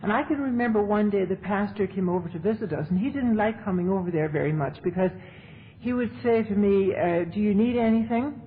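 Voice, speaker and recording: A woman's voice: medium pitch, a little fast. A woman telling her recovery story to an audience as a speaker, in a chatty, humorous way. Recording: tinny lo-fi tape with faint hiss.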